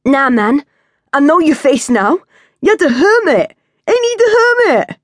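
A cocky teenage street mugger, all swagger and slang, pitched up high and pushy, as a woman narrator puts him on. He taunts loudly in a storybook reading, a dry, close voice. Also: expressive, measured pace, no echo. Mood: taunting.

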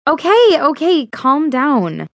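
A hesitant young witch, as a woman narrator puts her on, talking in a lifted, drawn-out voice full of small fillers. The recording is dry and close, with no room sound. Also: high-pitched, wildly swooping pitch, dry recording, pitched above the performer's own voice, full character voice.

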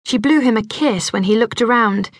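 A woman reading an audiobook in scripted narration, measured and gentle, close to a studio mic. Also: on the high side, no room sound.

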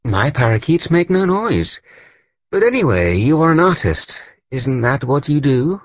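A pert young girl who teases and chirps, her voice pitched high and bright, as a male audiobook reader puts her on. The reading sounds dull and lo-fi. It is a storybook character voice. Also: big pitch swings, measured pace, dry recording. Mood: teasing. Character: pert teasing young girl, a noble daughter.

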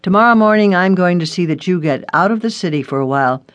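A stern, guarded male police detective from a storybook audiobook, as the narrator drops the voice lower for him. He speaks in a measured, serious way, and the recording is close and dry. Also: lively intonation, fairly bright tone, dry recording, close to an everyday voice. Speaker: detective character. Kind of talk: audiobook character reading.

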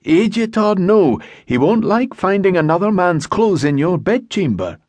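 A male narrator voicing a charming young Highland womanizer in an audiobook. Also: huge pitch swings, unhurried, no echo, exaggerated voice. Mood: placating. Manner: coaxing, smooth-talking.

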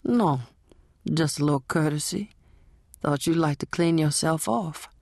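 A woman voicing a smooth, teasing young man. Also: sits low, measured pace, a little mellow, no echo, clean studio sound. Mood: easygoing.

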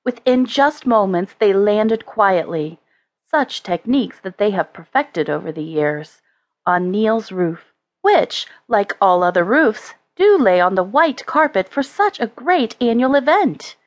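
A woman narrating a children's storybook in a slow, measured way. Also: medium pitch, no room sound, lo-fi sound. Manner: slow, expressive, measured reading. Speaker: audiobook narrator.

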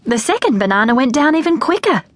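A woman's voice: high-pitched, fast talker, no room sound. Woman narrating a children's story. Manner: lively, expressive storytelling. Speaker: audiobook narrator.

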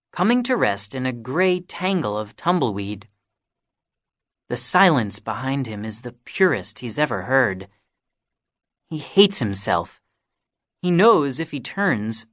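Female audiobook narrator, low voice, unhurried and expressive, measured dramatic read. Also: no echo, clean studio sound. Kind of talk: scripted narration.

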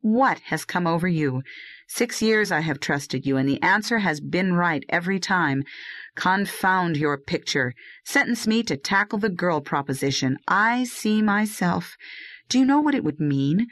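A woman's voice: fairly low pitch, expressive, measured pace, a bit bright, no echo. A woman voicing a rugged young male herb harvester who chides and coaxes his dog. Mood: exasperated. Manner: earnest, chiding, talks to his dog. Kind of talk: audiobook dialogue reading.

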